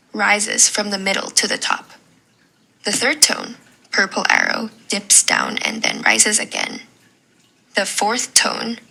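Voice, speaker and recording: Female language teacher, unhurried and encouraging, bright clear voice. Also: medium pitch, rough recording. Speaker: Mandarin teacher. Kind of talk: scripted lesson narration.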